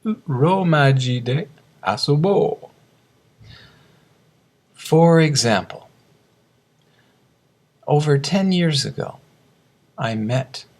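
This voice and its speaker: A man teaching English pronunciation, reading slow word drills and explaining sounds. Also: medium pitch, darkish tone. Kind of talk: scripted lesson narration.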